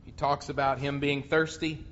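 A man preaching a sermon, slow and earnest, often restarting his words. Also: on the high side, level tone, fairly bright tone. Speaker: pastor. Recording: muffled lo-fi sound.

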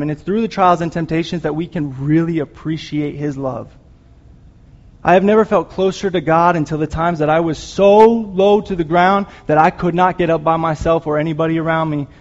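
A man's voice: on the high side, a little mellow. A man giving an earnest, emotional sermon, rambling at times with restarts and apologies. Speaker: lay preacher. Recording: dull lo-fi recording.

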